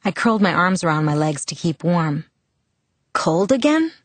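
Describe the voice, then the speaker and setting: Low-voiced woman narrating a novel. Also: no echo. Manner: measured, introspective. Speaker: audiobook narrator. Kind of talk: first-person novel narration.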